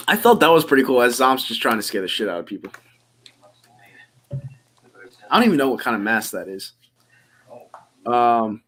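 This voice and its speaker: A laid-back man chatting on a live stream, rambling from one thought to the next. His voice sits at an ordinary pitch and he laughs easily. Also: a bit bright. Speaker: stream host. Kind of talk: casual live reaction stream chat.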